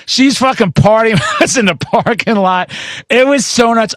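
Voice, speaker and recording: A man hosting a metal podcast, telling stories in a profane, excitable way and breaking into shouts. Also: high voice, moderate pace, no room sound. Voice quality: profane, excitable storyteller, swears constantly. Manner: bursts into shouting mid-story. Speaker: podcast host. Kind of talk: casual interview chat.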